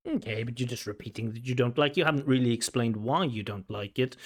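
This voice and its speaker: A man talks as an IELTS examiner reviewing a recorded test. He pauses on each mistake, repeats example words slowly and marks the stress. He sounds like a teacher explaining to students. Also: medium pitch. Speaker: IELTS examiner giving feedback.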